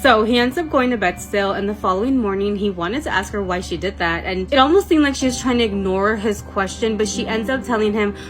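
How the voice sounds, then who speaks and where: A chatty woman spins a creepy tale in a loose, everyday way, swearing freely as she goes. Her voice sits at an ordinary pitch. Faint music plays underneath. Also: a little fast, few pauses. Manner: chatty, swears freely, laughs mid-story. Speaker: storyteller. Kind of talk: casual retelling of a scary story.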